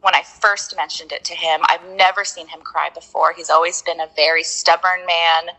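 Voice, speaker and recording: Rambling woman guest, low bright voice. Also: steady tone, moderate pace, low-quality recording. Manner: rambling, many fillers and restarts. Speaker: client, guest. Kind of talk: casual interview chat.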